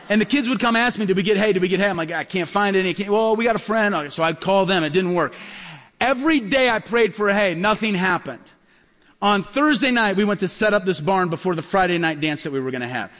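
Male pastor, higher voice, animated storyteller preaching a sermon; long hall reverb. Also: brisk. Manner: animated, acts out dialogue in stories.

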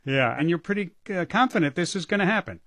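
A man's voice: high-pitched, animated, fast, fairly bright tone, no room sound. A man hosting a radio interview, asking curious, probing questions. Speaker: radio host.

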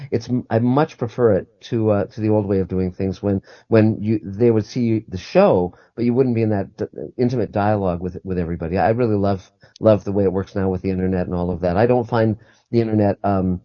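A man's voice: lowish voice, steady tone, fairly quick, dry recording, highs cut off. A man guest on a call-in radio show, talking earnestly and often repeating and restarting his words.

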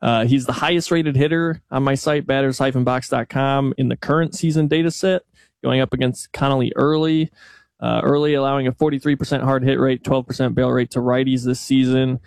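A man's voice: medium pitch, steady tone, fairly quick, creaky, a little mellow, dry recording, clean studio sound. A man on a sports show giving a dense, stat-heavy baseball rundown with "uh" fillers. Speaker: baseball stats analyst. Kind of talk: casual sports talk.

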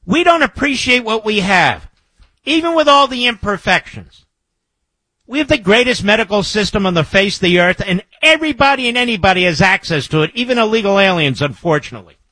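A man's voice: high-pitched, lively intonation, brisk, sharp tone, dry recording. A man hosting a talk radio show, delivering an emphatic monologue into a studio microphone and repeating key phrases for effect.

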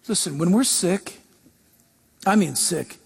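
A man's voice: sits high, animated, takes it slowly, creaky, husky. A man giving a casual Bible teaching talk, emphatic and repetitive, often restarting his sentences.

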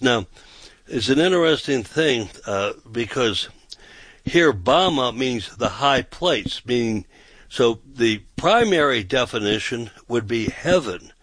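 This is a man, a pastor, giving conversational Bible teaching on a talk show. He rambles, repeats himself and keeps checking in with his listener. His voice is mid-pitched and sounds dry, with no room echo. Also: lively intonation, slow, a bit bright. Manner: rambling and repetitive, often checking with "okay?".

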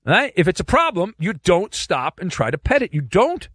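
Male sports talk host, sarcastic, mocking, slightly high voice, very lively delivery. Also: normal speed, breathy edge, no echo, clean studio sound. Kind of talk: opinionated sports commentary.

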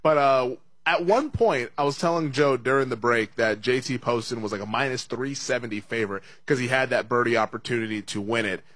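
A man's voice: medium pitch, fairly bright tone, no echo. Jokey man hosting a betting show. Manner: jokey, laughs often, quick asides. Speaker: sports betting show host. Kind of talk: casual sports betting chat.

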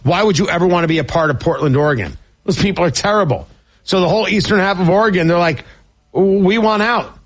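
A man's voice: high-pitched, fast talker. A man hosting a political talk radio show, riffing sarcastically on the news.

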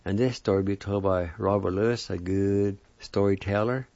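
A man hosting, slowly introducing the storyteller to his audience. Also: lowish voice, steady tone, a little mellow, no echo. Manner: slow, welcoming introductions. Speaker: host. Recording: dry, dull lo-fi recording.

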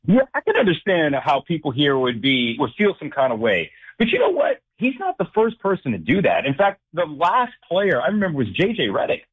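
A man calling in as a guest on a sports talk show, his voice coming through a thin, tinny phone line. He talks with lots of emphasis and swings widely up and down in pitch, with a slightly husky edge. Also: a little fast, few pauses. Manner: emphatic, animated storytelling. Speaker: sports director and anchor, guest. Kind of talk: casual phone-in sports chat.

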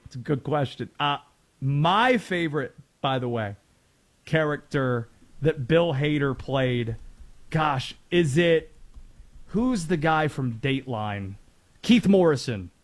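A man's voice: on the high side, animated, slow pace. A man from North Carolina hosting sports talk radio in a chatty way, laughing easily and wandering into asides.

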